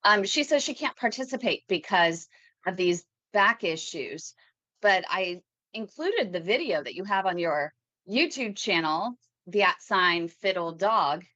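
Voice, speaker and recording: A woman's voice: medium pitch, lively intonation, unhurried, pushed and bright, dry recording. A woman hosting a live podcast, talking in a chatty, rambling way with fillers and restarts. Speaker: podcast host. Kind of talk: casual live podcast talk.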